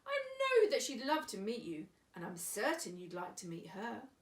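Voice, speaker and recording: A woman's voice: a little high, wildly swooping pitch, normal speed, far from the mic. A woman reading aloud, voicing a sweet-talking, crafty female duck in a raised voice. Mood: sly. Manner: sweet, polite chatter. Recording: echoey room, away from mic.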